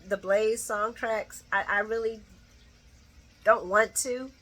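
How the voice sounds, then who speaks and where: A woman's voice: medium pitch, bright, forceful tone, breathy edge. A middle-aged woman giving a casual, chatty soap opera recap to her viewers, acting out the characters' lines and laughing often.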